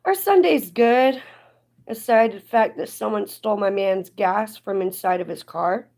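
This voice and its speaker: A woman talking on her live stream in a loose, rambling way. Her pitch sits in the middle and she drifts from story to complaint with plenty of fillers. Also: measured pace, a little mellow. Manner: chatty, rambling, indignant at times. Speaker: livestreamer. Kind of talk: casual live stream chat.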